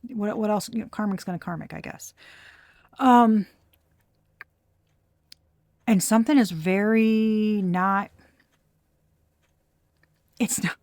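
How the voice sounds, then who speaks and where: A woman's voice: fairly high pitch, no room sound. A woman giving a casual tarot reading, blunt and profane, breaking into laughter. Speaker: tarot reader.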